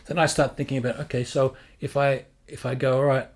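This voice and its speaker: A man teaching songwriting in a casual, rambling way, thinking out loud as he works through ideas. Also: mid-range voice, little pitch movement, a little fast, background noise. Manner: rambling, thinks aloud, sings lyric drafts. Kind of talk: casual thinking-aloud lesson.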